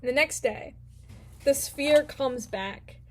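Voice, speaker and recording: A woman's voice: high-pitched, slow, a little hiss or hum. A woman casually recapping a book as a vlog host, playful and rambling with slang. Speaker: book vlogger.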